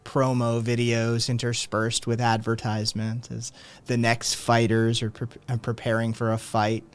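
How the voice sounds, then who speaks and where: A man's voice: medium pitch, monotone, normal speed, clear, resonant tone. A man narrating as game master in a casual, rambling way. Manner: casual, rambling, filler-heavy.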